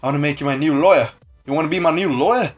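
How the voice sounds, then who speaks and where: A man's voice: fairly high pitch, rapid-fire, soft background music, lightly acted. A man imitating a cocky young male trader trying to hire a lawyer.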